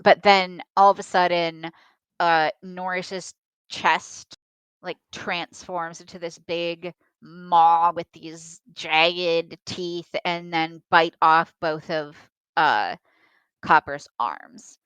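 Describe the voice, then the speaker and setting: A young woman speaks slowly and deliberately on a podcast, her voice smooth and clear and a little low. She pauses and hedges with fillers as she thinks. The sound is dry and close to the mic. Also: fairly even intonation, a bit bright, dry recording. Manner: measured, thoughtful, hesitant with fillers. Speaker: podcast co-host. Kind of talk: casual film discussion.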